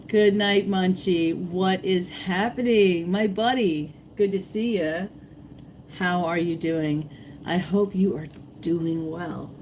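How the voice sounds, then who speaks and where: A woman hosting a casual fishing livestream, rambling and repeating herself, her voice going hoarse as she greets viewers. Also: on the low side, takes it slowly, a little mellow, slight background noise, rough recording. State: losing her voice, clearing throat. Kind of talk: casual live-stream chat.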